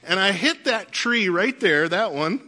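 A man preaching a sermon, telling lively childhood stories and laughing through them. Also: high voice, measured pace. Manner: animated storyteller, laughs through anecdotes. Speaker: pastor. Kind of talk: sermon with storytelling.

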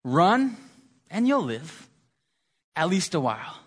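A man preaching recites a defiant medieval rebel leader's rallying speech to his troops, building toward a shout. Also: sits high, big pitch swings, slow, exaggerated voice. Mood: rousing. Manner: rousing, rising to a yell.

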